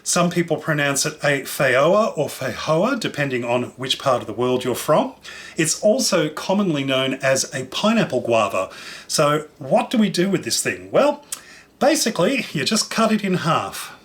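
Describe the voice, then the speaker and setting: A man's voice: on the high side, big pitch swings, normal speed, a bit bright. A man hosting a casual cooking show, chatting enthusiastically as he tastes and describes fruit. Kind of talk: casual food demonstration.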